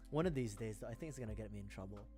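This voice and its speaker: Livestream chatter, from the Philippines, lively swooping pitch, faint music underneath. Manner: rambling and chatty, laughs often; self-mocking. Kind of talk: casual chat on a livestream.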